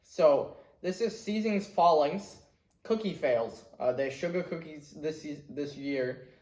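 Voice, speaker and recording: Male food review host, slightly higher voice, joking manner, echoey room. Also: slow, a little mellow.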